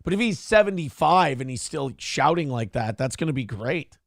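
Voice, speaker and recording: Crude joking talk-show host, gravelly. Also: male voice, on the high side, expressive, moderate pace, dry recording, studio quality. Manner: profane, joking, mocking impressions. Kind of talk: casual chat.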